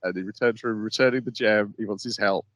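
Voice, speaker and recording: A man hosting an anime podcast, setting up each episode in casual chat. His voice sits mid-range and sounds dry and close. He delivers it with a wry, steady manner. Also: lowish voice, fast, no room sound, dull audio. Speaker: podcast host.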